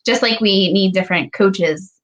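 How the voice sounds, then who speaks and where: A young woman recounts a personal story as a podcast guest. She talks fast and chatty, with many "like" fillers, at a mid pitch. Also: a bit bright, muffled recording.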